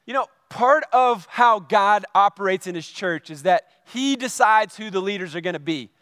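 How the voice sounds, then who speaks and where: A middle-aged male pastor preaching a sermon, telling a story and acting out his own reactions with lively energy. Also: high-pitched, moderate pace, clear, resonant tone, no echo, studio quality, in a large hall.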